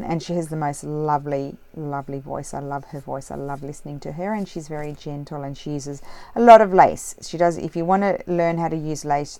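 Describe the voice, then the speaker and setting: A woman with a notably low voice chats her way through a crafting tutorial in her home craft room. She rambles and corrects herself as she goes, trailing off into asides. Her low, relaxed delivery suits the easy, unscripted tone of the session. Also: no room sound. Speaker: crafting vlogger. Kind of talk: casual crafting tutorial chat.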